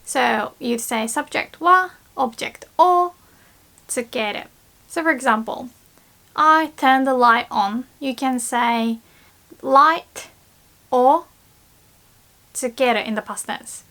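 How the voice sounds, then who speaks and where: Slow, patient Japanese-native woman teacher. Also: high voice, vocal fry, sharp tone. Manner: slow and patient, repeats example words with lifted emphasis. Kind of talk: casual explanatory lesson.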